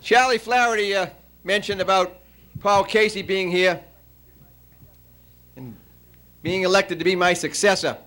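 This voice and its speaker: A man giving a farewell after-dinner speech, telling a long joke with frequent pauses and fillers. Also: sits high, pushed and bright. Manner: storytelling, halting with many uh fillers.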